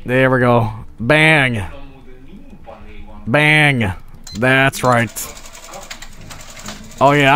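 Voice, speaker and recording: A man streaming a game, joking loudly, swearing often and hamming up being drunk. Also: very slow, long pauses, soft background music. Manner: plays at being drunk, loud swings of pitch. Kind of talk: let's-play commentary.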